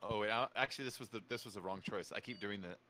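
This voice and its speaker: Rambling bright-voiced male streamer. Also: fairly low pitch, fast, a little hiss or hum. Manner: rambling, filler-heavy, lots of "like". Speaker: streamer host. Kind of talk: casual gaming stream chat.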